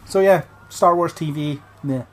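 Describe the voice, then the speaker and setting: A man's voice: fairly high pitch, a little slow. Rambling man, faint hiss behind. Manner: rambling, many fillers. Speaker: podcast host. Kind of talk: casual chat.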